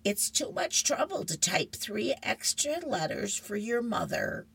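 Theatrical wounded mother, a woman reading, raised pitch. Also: very animated, measured pace, vocal fry, fairly bright tone, slightly rough, heavily acted. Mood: aggrieved. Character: fussy older mother, wounded and dramatic.

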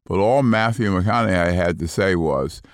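Male reader as a deep-voiced, fed-up meditation-app narrator, calm tone cracking into whining, dry close sound. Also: moderate pace, dry recording. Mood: grumbling. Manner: soothing delivery slipping into whiny complaint. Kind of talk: comic first-person reading.

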